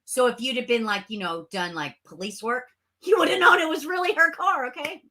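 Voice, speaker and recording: A woman hosts a casual livestream from home, sitting close to her camera mic. Her voice is bright and sits a little high. She talks in a sarcastic, animated way, with plenty of swearing. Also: brisk. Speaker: livestream host. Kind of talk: casual livestream chat reading comments.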